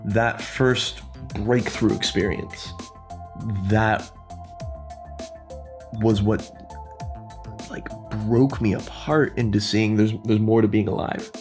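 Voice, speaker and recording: Male developer, low pitch, earnest and reflective. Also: fairly even intonation, slow, long pauses, darkish tone, soft background music. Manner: thoughtful, earnest. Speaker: game developer. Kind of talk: casual chat.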